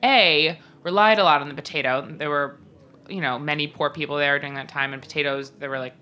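A woman's voice: low voice, fairly even intonation, brisk, sharp tone, clear, resonant tone. A woman co-hosting a podcast, chatting casually and jokily, rambling with fillers. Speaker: podcast co-host. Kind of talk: casual chat.

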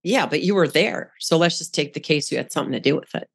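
A woman's voice: low-pitched, fast talker, gravelly, breathy edge. A woman speaking as a podcast guest in casual conversation, frank and down-to-earth, with a coaching tone.

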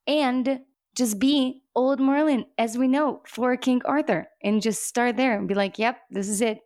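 A woman co-hosting a casual TV recap podcast, talking excitedly with emphatic repeats and laughter. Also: fairly high pitch, unhurried, dry recording, clean studio sound. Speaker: podcast co-host.

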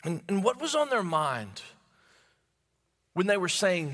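Bright high-voiced male pastor preaching. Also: big pitch swings, a little slow, long pauses. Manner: stammering restarts, repeats words while building emphasis; drops to low hushed tones for key phrases. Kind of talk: sermon. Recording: long hall reverb.

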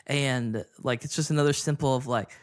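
Relaxed, chatty man with a mid-range voice. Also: medium pitch, brisk. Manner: relaxed and conversational, many fillers, laughs easily. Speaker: podcast co-host. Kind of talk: casual Bible study discussion.

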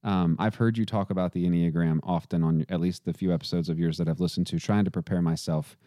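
A man's voice: deep voice, fairly even intonation, fast, warm tone, no echo, clean studio sound. A man with a faint Southern accent, a podcast guest talking in a loose, rambling way with many fillers and restarts. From southern United States. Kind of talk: casual conversation.

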